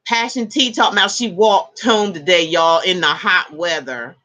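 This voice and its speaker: Reading viewers' comments aloud during a relaxed tarot livestream, a woman with a fairly low voice chats at a moderate pace. Laughter comes easily to her, along with lively exclamations.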